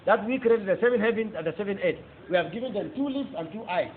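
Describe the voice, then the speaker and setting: A man's voice: sits high, animated, fast talker. A man with a Nigerian accent giving a fervent testimony sermon, whose first language is Hausa. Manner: fervent, emphatic storytelling. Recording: tinny phone-like recording with faint noise.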